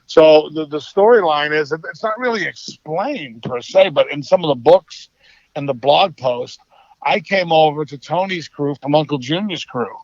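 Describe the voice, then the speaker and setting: A middle-aged man with a Boston accent, a guest actor telling stories in a relaxed, easygoing interview chat. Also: fairly high pitch, moderate pace, dry recording. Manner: easygoing, relaxed storytelling with soft laughs. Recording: slightly dull, dry podcast audio.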